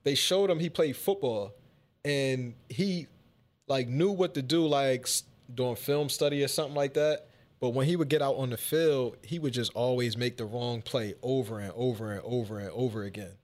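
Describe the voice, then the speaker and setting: A man chatting casually with friends, relaxed and loose, full of "like" and restarts. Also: medium pitch, moderate pace. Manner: laid-back, loose, lots of "like". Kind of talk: casual chat.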